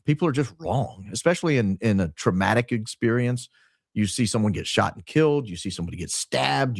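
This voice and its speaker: A former radio host turned podcaster, a man in his forties, chats animatedly as a guest in a casual interview, telling stories and frequently restarting. His voice is on the low side, recorded dry with studio quality.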